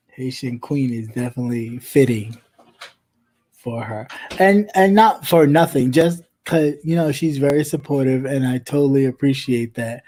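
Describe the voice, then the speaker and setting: A man in his thirties co-hosting a casual livestream chat, talking in a laid-back way with drawn-out phrases. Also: mid-range voice, fairly even intonation, mellow. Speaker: co-host.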